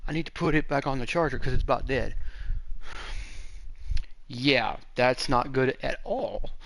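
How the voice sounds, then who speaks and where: A man's voice: mid-range voice, measured pace, creaky, a bit bright, slight background noise. A man hosting a gaming channel, chatting casually and rambling, swearing and talking to himself while he hunts around his room at home.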